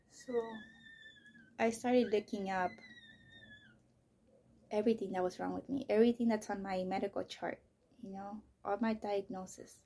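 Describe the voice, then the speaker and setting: A woman telling her own story in a candid monologue, talking softly, often near a whisper, blunt and profane. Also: medium pitch, fairly even intonation, moderate pace, vocal fry, pauses often, a little hiss or hum.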